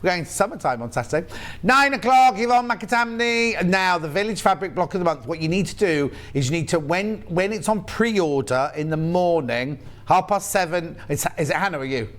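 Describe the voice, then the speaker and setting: A man's voice: fairly high pitch, expressive, fairly quick, hardly any pauses. A man with a Yorkshire accent presenting live on a shopping channel, chatty and playful with jokey asides.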